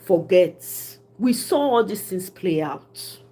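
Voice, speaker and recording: This woman's lowish, slightly rough voice takes things slowly as she gives casual political commentary in a Nigerian accent. She blends in Pidgin English, animated and often laughing.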